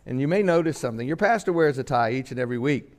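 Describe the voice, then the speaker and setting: An older man, a pastor preaching a casual, story-filled Christmas sermon, acting out quotes and slowing for solemn lines. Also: animated, a little mellow. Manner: storytelling, acts out quotes with sudden pitch jumps, slows for solemn lines.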